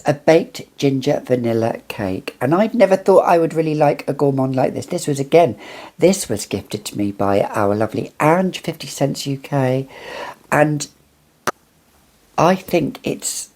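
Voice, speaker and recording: A British woman with a strikingly low voice, enthusing over perfumes in a casual vlog. She talks at a leisurely pace, gushing and circling back on her words as she goes. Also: a little mellow. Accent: British English. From United Kingdom. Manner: gushing, enthusiastic, rambling with restarts. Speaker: fragrance reviewer.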